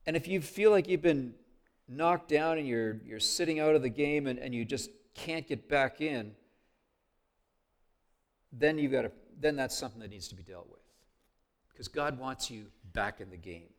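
A man preaching a sermon in an earnest, conversational way. He leans into key words with extra volume, then drops almost to a hush, with a medium pitch throughout. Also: normal speed. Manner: earnest, conversational, swings from loud to hushed. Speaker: pastor.

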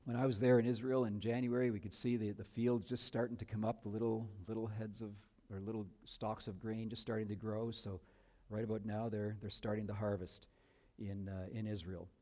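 A man preaching a sermon, telling a story in an animated way with joking asides to his listeners. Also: fairly low pitch, fairly quick.

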